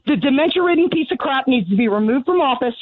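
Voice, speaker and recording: A woman's voice: sits high, expressive, quick pace. A middle-aged woman calling in, furious, blunt and sarcastic, out of breath as she speaks. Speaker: caller. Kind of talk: call-in radio rant. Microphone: telephone. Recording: tinny dry phone line.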